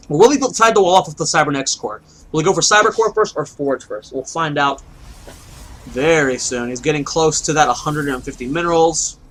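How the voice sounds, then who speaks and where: A man commentates a strategy game match alone, explaining builds and musing aloud with questions to himself. His voice sits a little high and sounds bright and forward. A faint background hum runs under the recording. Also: poor audio. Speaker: esports caster. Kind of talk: solo play-by-play commentary.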